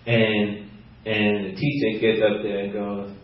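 A man preaching a teaching sermon, animated and laughing often, acting out the quotes he reads. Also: fairly low pitch, measured pace. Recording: roomy, distant, muffled.

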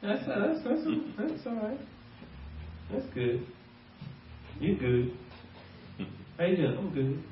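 A man's voice: high-pitched, big pitch swings, slow, long pauses, a little hiss or hum. A man preaching a sermon as a pastor, playful and laughing often as he acts out bits of everyday talk. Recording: echoey room, voice from far off, dull sound.

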